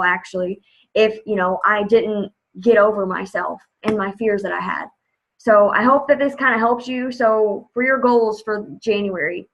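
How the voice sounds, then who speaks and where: A woman's voice: mid-range voice, fairly bright tone, lo-fi sound. Chatty young woman on a video call. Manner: upbeat, chatty, lots of filler "like" and "you know". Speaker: team leader. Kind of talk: motivational video call talk.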